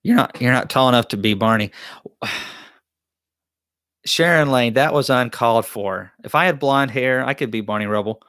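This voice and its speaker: A man's voice: mid-range voice, normal speed, long pauses, fairly bright tone, no echo, studio quality. A man hosts a live-stream Q&A, reading chat questions aloud and answering them in a joking, rambling, self-deprecating way. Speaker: beekeeping channel host.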